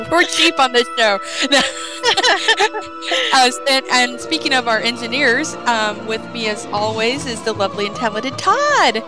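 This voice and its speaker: A woman's voice: on the high side, expressive, unhurried, over music, poor audio. A woman hosting a radio show in casual chat, bubbly and chatty, full of ums and restarts.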